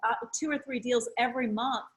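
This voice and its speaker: A woman's voice: fairly high pitch, steady tone, a little fast. A woman talking casually and with enthusiasm, telling a story in a group conversation.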